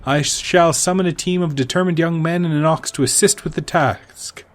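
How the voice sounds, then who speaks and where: A man voicing a peevish, sharp-tongued shopkeeper who speaks in a curt, scornful way. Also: fairly high pitch, steady tone, normal speed, close to an everyday voice.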